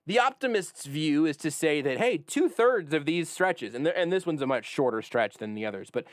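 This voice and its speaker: A man hosting a sports talk radio show, leading the banter with wry, animated jokes. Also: fairly high pitch, normal speed, no room sound, clean studio sound. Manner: animated, wry, leads the conversation.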